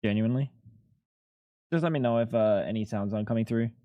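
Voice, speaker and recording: A man's voice: mid-range voice, fast, no echo, muffled recording. A young man streaming live, chatting casually and rambling, swearing freely as he thanks viewers. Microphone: headset.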